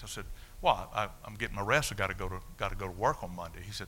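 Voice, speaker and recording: An older man preaching his testimony in a folksy, animated storytelling way. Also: lowish voice, rapid-fire, hardly any pauses, slight background noise. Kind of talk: sermon testimony.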